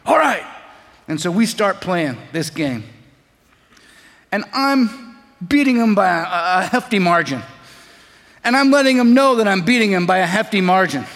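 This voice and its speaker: A man in his forties preaching a sermon, an animated storyteller who also turns quiet and reflective. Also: sits high. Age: 40s. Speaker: pastor. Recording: long hall reverb.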